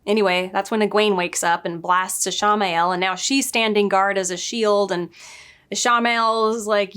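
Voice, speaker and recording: A woman giving a casual spoken review, chatty and digressive, often laughing and adding quick asides. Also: mid-range voice, fairly even intonation, fairly bright tone, smooth. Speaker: book and show reviewer.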